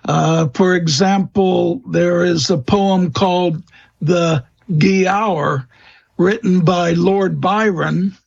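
A man answering interview questions about old folklore, slow and hesitant, with many fillers and restarts. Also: sits high, steady tone, gravelly, slightly rough, highs cut off. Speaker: guest expert on vampire lore.

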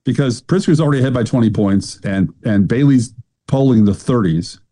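Middle-aged male co-host, sardonic storyteller, warm low timbre. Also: fairly quick. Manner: wry, sardonic storytelling, does mocking voices. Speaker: podcast co-host. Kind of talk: casual chat.

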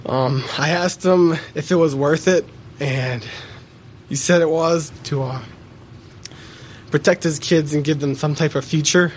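Halting man testifying in court. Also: a little high, fairly even intonation, slight background noise. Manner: halting, many fillers and pauses. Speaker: trial witness.

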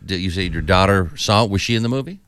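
A man's voice: sits low, lively intonation, fast talker, fairly bright tone, clean tone, dry recording. A man hosting a radio show from the studio, interviewing guests in an easygoing way with many fillers. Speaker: radio host.

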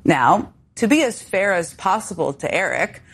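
A woman's voice: medium pitch, sing-song, moderate pace, husky. A woman hosting a news show, delivering pointed, wry commentary. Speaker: news host.

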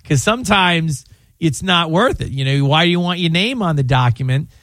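A man's voice: a little high, animated, normal speed, a bit bright, dry recording, clean studio sound. A man hosting a call-in legal advice radio show, talking in a chatty, rambling way and often restarting his sentences. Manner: chatty, rambling, self-interrupting. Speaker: radio show host and lawyer.

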